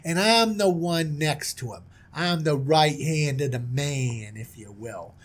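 A man's voice: a little high, slow. A man voicing a boastful young prince who talks like a mob boss, brash and schmoozing. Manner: brash, schmoozing, self-satisfied.

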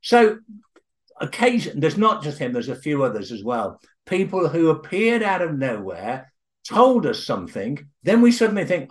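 Older Englishman with a lively, swooping voice. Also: on the high side. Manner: halting, with many restarts, then eager and animated. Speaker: guest author and researcher. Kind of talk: storytelling in an interview.

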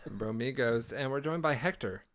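A young man hosts a casual podcast with friends, rambling along with plenty of fillers and false starts. His voice sits at an ordinary middle pitch. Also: brisk, a bit bright. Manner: rambling, many fillers and restarts. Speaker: podcast host. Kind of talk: casual chat.

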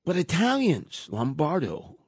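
A man's voice: on the high side, wildly swooping pitch, a little slow, husky, dry recording. An older man hosting a radio talk show, rambling and wisecracking as he ribs his younger co-hosts. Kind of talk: casual talk radio banter.

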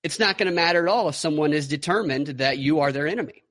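A man with a somewhat high voice hosts a political podcast. He speaks with a sarcastic edge and lines up clips to comment on. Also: quick pace, fairly bright tone. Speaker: podcast host. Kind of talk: casual political chat.

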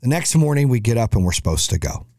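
Brief: male host, mid voice, animated and profane storyteller, dry room. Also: medium pitch, fast talker, dry recording. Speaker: podcast host. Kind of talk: storytelling monologue.

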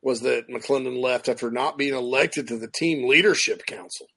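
A man co-hosting a sports show, talking in a relaxed, hesitant way. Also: medium pitch, normal speed, creaky, slightly rough. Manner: hesitant, relaxed, repeats himself. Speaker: sports talk show co-host. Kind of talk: casual sports chat.

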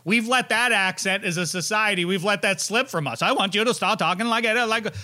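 Brief: male podcast host, animated and joking, bright forceful tone, slightly high voice. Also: brisk. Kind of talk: casual chat, running a quiz game.

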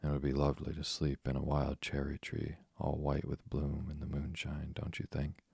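A man's voice: a bass voice, monotone, normal speed, vocal fry, darkish tone, husky, no room sound, clean studio sound, full character voice. A man voicing a chatty, imaginative orphan girl who rambles eagerly in a storybook reading.

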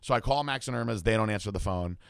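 A man hosting a relaxed chat, telling a meandering story with casual swearing. His voice sits a little low. The sound is dry and close. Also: fast, vocal fry, smooth, no echo. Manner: rambling, swears, laughs at own story. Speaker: host and bodybuilding coach.

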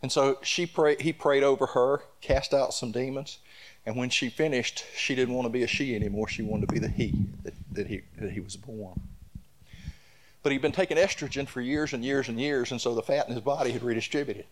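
A man's voice: medium pitch, a little fast, noisy background. A man preaching a sermon, telling stories in a folksy way and building to fervent emphasis. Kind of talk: sermon storytelling.

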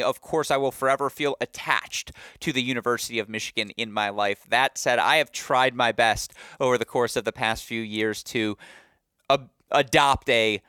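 On a sports podcast, a male host with a fairly low, clean voice recaps matches enthusiastically, getting loud and excited as he tells stories. His voice sounds slightly worn after a long day, and the studio recording is clean with no echo.

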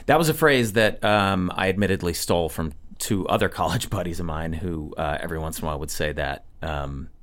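A man's voice: sits low, a little fast, few pauses, a bit bright. A man co-hosting a casual podcast chat, rambling and self-deprecating, with hesitant fillers. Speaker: co-host and show creator.

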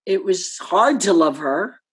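Older actress telling stories, husky and a bit low, laughs a lot, acts out what other people said. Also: female voice, slow pace. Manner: animated, laughs often, acts out others' lines. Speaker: actress and interview guest. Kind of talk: anecdotal interview storytelling.

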